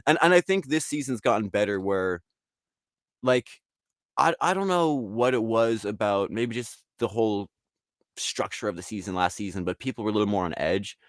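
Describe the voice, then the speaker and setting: A man's voice: lowish voice, normal speed, no echo, clean studio sound. A man guesting on an interview podcast, talking casually and rambling, acting out quotes from other people. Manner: rambling, animated, acts out quotes in voices. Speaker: guest artist and league founder.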